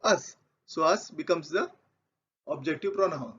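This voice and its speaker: A man teaching grammar in a patient, methodical way, working through example sentences one by one and often repeating his point. His voice sits fairly high. The recording sounds muffled and lo-fi. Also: measured pace, fairly bright tone, slightly rough. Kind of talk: explaining grammar over slides. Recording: dull lo-fi recording.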